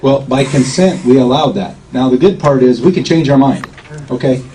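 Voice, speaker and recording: A man gives a loose, conversational talk to people gathered around him, often stopping to check whether they follow. His voice is dark and mellow. He was recorded from some distance, with faint background noise. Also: mid-range voice, moderate pace. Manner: chatty, asks okay often. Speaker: speaker at a gathering. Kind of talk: informal outdoor talk to a group.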